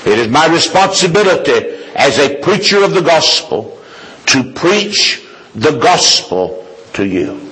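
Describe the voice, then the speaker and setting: A man preaching a sermon with an emphatic, repetitive cadence, moving from low confiding tones to high ringing declarations. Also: very animated, measured pace, fairly bright tone, low-quality recording.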